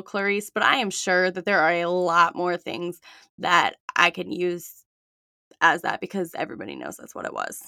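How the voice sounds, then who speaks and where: Bright, earnest woman, close dry sound. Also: mid-range voice, clean tone, no room sound. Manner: earnest, matter-of-fact, reports findings. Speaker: podcast co-host. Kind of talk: casual chat.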